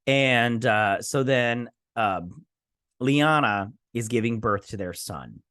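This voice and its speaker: Host, male, mid-pitched, dry close sound; rambling casual recap, swears freely. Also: lively intonation, slow pace, fairly bright tone, smooth, dry recording. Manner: rambling, many restarts and "he's like" paraphrases; loose and profane.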